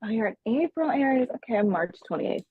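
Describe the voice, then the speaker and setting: A woman's voice: a little high, animated, fairly quick, phone-quality sound, crowd noise. A woman chatting playfully as a podcast guest, emphatic and gushing. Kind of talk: casual podcast chat.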